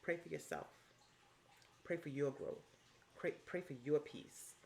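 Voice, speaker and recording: A woman's voice: steady tone, a little slow, vocal fry, a little hiss or hum. A woman vlogger giving casual, motivational life advice, emphatic and repetitive, with swearing and endearments thrown in. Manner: swings from low and hushed to high and loud.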